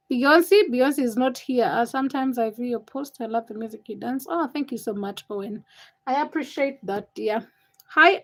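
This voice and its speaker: A woman's voice: high voice, a bit bright, rough recording. A woman from Uganda hosting a casual livestream, reading viewer messages aloud and answering them with chatty, teasing comebacks. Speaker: livestream host. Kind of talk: casual live-chat stream, reading and answering viewer comments.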